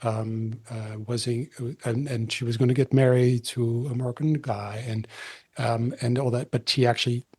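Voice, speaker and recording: A man hosting a podcast, telling an anecdote in casual chat, halting and full of fillers. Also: mid-range voice, flat delivery, darkish tone, slightly rough. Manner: halting, many fillers and restarts. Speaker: podcast host.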